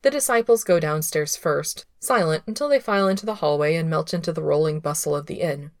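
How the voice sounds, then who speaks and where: A woman reading a story aloud in a steady, unhurried way, close to the microphone. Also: sits low, dry recording. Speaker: reader of fan fiction. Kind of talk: audiobook narration.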